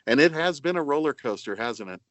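A man talking as a voice actor guest on a podcast, chatty and self-deprecating with halting restarts. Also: medium pitch, lively intonation, a bit bright, no echo. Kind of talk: casual podcast chat.

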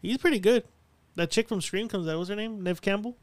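A man with a notably high voice and a rapid delivery, chatting loosely on a podcast. He teases his friends and jokes crudely. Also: dry recording. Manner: joking, teasing, crude banter. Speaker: podcast co-host. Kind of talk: casual chat.

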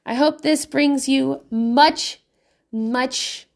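A woman's voice: high-pitched, extremely slow, gravelly. A woman in her thirties, a mother of five, giving candid parenting advice in a casual monologue, swearing freely and laughing often.

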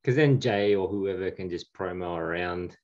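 A man co-hosting a podcast in casual chat, lively, swearing and laughing often. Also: deep voice, normal speed. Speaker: podcast co-host. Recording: slightly dull lo-fi sound.

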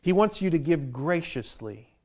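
A man's voice: fairly high pitch, sing-song, moderate pace, darkish tone. A man preaching a sermon as pastor, earnest and often repeating the first word of a phrase. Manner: earnest, repeats words when starting phrases.

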